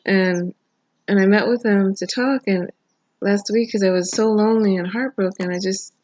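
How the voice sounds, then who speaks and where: A woman's voice: medium pitch, fairly even intonation, moderate pace, darkish tone, no echo, lo-fi sound. A middle-aged woman sharing an emotional, prayerful personal testimony in a video diary, tearful and rambling at times. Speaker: vlogger. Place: home. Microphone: phone camera.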